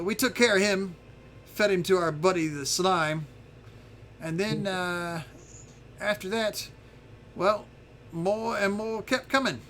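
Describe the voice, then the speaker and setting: A man's voice: high voice, a little hiss or hum, pitched above the performer's own voice. A man doing a boastful little dragon creature. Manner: rambling, excitable, brags. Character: boastful little male dragon, kobold-like, chatty.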